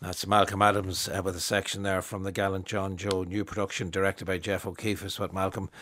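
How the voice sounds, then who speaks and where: A man's voice: sits low, level tone, fairly quick, a bit bright, a little hiss or hum. A man hosting a radio arts interview in a conversational way, with stammering restarts.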